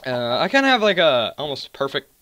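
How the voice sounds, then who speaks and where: A teenage boy with a fairly deep voice and a mild Southern accent mixed with Californian, rambling through casual gameplay commentary from his desk on a cheap microphone. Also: sing-song, brisk, a bit bright. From US, California and South Carolina. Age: mid-teens. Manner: rambling, digressive, joking asides. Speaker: gaming channel host. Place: at home at his computer desk. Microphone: cheap desktop microphone.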